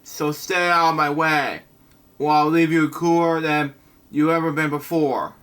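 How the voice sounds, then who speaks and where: A man's voice: fairly high pitch, level tone, unhurried, fairly bright tone. A man reading a vengeful, grieving woman villain from a comic, bitter and threatening.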